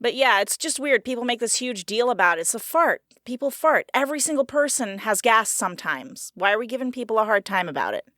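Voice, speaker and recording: A woman's voice: fairly high pitch, animated, a little fast, hardly any pauses, a bit bright, no room sound, clean studio sound. A woman co-hosting a casual podcast, talking frankly and laughing often. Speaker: podcast co-host. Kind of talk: casual chat.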